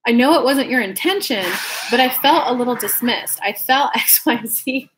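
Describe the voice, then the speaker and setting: A woman's voice: on the high side, moderate pace, background noise. Chatty woman reading tarot. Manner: chatty, rambling, often restarts sentences; talks straight to viewers as "guys". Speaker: tarot reader. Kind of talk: casual spoken tarot reading to viewers.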